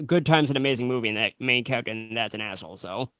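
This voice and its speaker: A man's voice: medium pitch, very fast, bright, forceful tone, no echo, soft background music. A man co-hosting a casual podcast chat, blunt and opinionated, acting out characters' lines as he argues his point. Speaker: podcast co-host.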